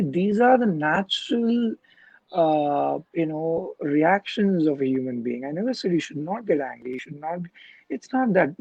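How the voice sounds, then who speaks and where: Earnest man with a mellow voice. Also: high-pitched, no room sound, lo-fi sound. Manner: earnest, peppers speech with "you know" and "right?". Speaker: clinical hypnotherapist guest. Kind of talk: explanatory interview talk.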